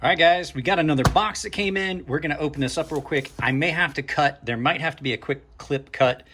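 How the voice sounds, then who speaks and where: A man's voice: on the high side, brisk, music in the background. A man hosting a casual knife unboxing vlog, talking to his viewers as he opens packages, thinking aloud and trailing off mid-sentence, with dry sarcastic asides. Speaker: knife reviewer and channel host.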